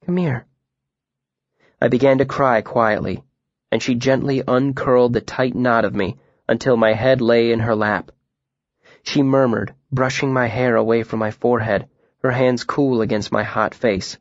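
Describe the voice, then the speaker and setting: A man narrating a story in a quiet, reflective voice at a measured pace. His voice is of middle pitch, and the sound is dry and slightly dull. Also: fairly even intonation, dry recording. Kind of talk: audiobook narration.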